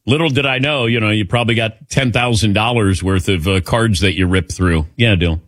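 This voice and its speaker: A man's voice: fairly low pitch, a little fast, a bit bright, no echo, clean studio sound. A man in his sixties hosting a sports talk radio call-in show, chatty and laughing easily. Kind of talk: casual call-in chat.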